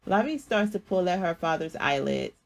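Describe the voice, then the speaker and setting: A woman artist reading a chapter of her own story aloud in a plain, even way, with small restarts. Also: lowish voice, moderate pace, creaky, rough recording.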